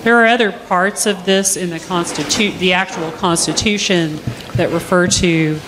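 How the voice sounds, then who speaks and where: A woman from the audience reading a passage aloud in a public debate, slow and deliberate. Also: fairly low pitch, steady tone, background noise. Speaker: audience member.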